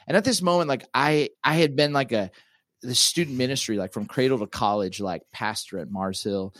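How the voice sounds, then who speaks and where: In a relaxed interview, this middle-aged man, who is a pastor and author, recounts a story in a lively, stop-and-start way full of fillers and restarts. His voice sits in the mid range, captured at studio quality without echo.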